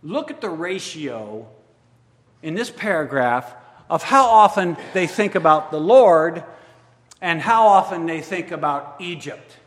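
A man's voice: on the high side, animated, measured pace, a bit bright. A man preaching a sermon, reading scripture aloud and commenting on it with pointed rhetorical questions. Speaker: pastor. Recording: long reverb of a large hall.

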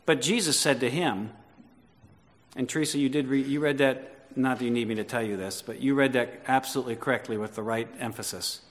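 Speaking a little fast in a steady, mid-range voice, a male pastor delivers a sermon, questioning and engaging the congregation before rising to forceful repeated proclamations. The recording has long hall reverb.

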